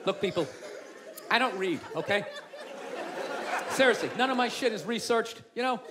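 A man doing stand-up comedy, loud and profane, ranting and mocking people in put-on voices. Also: high-pitched, lively intonation, normal speed, background noise. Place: comedy club stage. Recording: live club recording with crowd laughter. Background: audience laughing.

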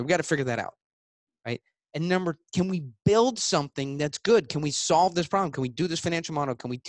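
A man being interviewed as a guest author, talking in a blunt, emphatic way and acting out both sides of sales pitches. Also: no echo, studio quality.

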